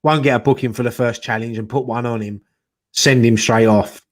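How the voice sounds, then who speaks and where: A man's voice: mid-range voice, steady tone, a little fast. A man presenting a casual football fan show, full of cheeky, mocking banter.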